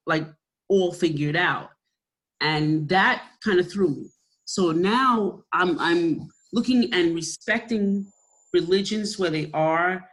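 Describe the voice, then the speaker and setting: Woman evangelist co-host; emotional, animated storyteller, stumbling restarts. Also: lowish voice. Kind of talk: personal storytelling in casual chat.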